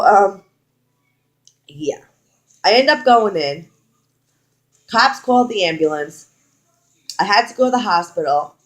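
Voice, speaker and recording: A young woman vlogger with a medium-pitched voice tells a personal story storytime-style. She is casual and frank, swears a lot, and acts out the lines she quotes.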